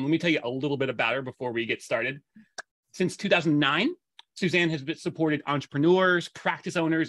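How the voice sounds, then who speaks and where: A man hosting a podcast interview, cheerful and chatty, asking quick follow-up questions. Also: on the high side, a bit bright, no echo. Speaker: podcast host. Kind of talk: casual interview.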